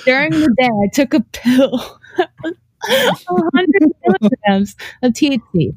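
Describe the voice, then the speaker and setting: A woman's voice: high-pitched, a little slow, slightly rough, no room sound. Giggly young woman telling wild stories. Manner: animated and giggly, heavy use of "like", casual swearing. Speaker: guest storyteller. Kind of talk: casual storytelling chat.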